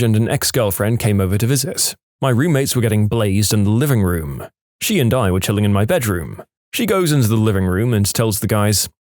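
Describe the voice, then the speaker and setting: A man narrating funny reddit stories in an expressive, storytelling way. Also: on the low side, dry recording, studio quality.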